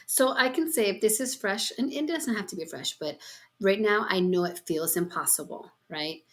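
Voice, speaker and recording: Expressive middle-aged woman sharing a story. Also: medium pitch, moderate pace. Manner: expressive storyteller, exclaims often. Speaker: podcast host. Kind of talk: heartfelt casual conversation.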